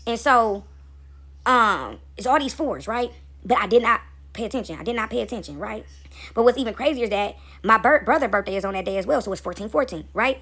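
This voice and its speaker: Quick, husky woman preaching casually. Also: on the high side, fairly bright tone. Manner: talkative, keeps asking "right?" and repeats phrases for emphasis. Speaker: spiritual video host. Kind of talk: casual spiritual monologue to camera.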